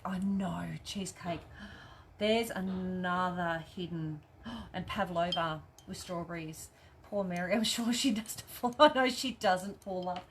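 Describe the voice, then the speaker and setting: An Australian woman hosts a live craft stream, chatting casually, reading out viewer comments, laughing often and swearing cheerfully. Her voice is medium-pitched, with slight background noise.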